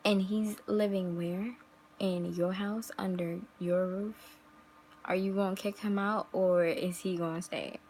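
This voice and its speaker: A woman's voice: mid-range voice, steady tone, unhurried, darkish tone, a little hiss or hum, low-quality recording. A young woman vlogger talking casually to camera, giving emphatic relationship advice full of rhetorical questions. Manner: emphatic, rhetorical questions, acts out quoted voices.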